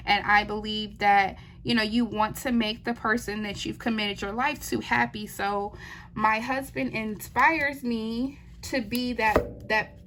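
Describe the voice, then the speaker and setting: An adult woman, a wife and mother, hosts a diamond painting channel and chats casually while she works on her craft. She answers viewer questions, laughs often and says "y'all" a lot. Her voice is a little high, steady, fairly bright and a little slow, and there is a faint hiss or hum.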